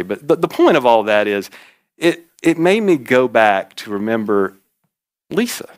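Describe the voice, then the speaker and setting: A man's voice: medium pitch, very animated, unhurried, no room sound. A middle-aged man, preaching a sermon in a folksy storytelling way, repeating key phrases for emphasis. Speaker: pastor.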